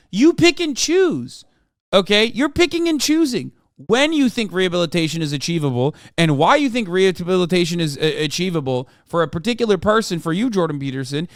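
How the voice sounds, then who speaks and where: A man's voice: high voice, big pitch swings, brisk, dry recording, studio quality. A man hosting a casual live-stream reaction, talking bluntly with lots of swearing and incredulous outbursts. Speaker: streamer host.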